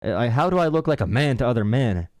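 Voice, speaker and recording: A man's voice: mid-range voice, big pitch swings, fast, a little mellow, dry recording. A man hosting a live political call-in stream, ranting bluntly and mockingly. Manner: mocking, blunt, says bro a lot. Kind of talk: casual streaming rant.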